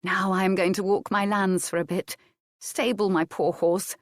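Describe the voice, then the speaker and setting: A woman's voice: mid-range voice, little pitch movement, normal speed, dry recording, natural voice. A woman reading the part of a proud, composed young noblewoman in an audiobook. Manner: dry, composed.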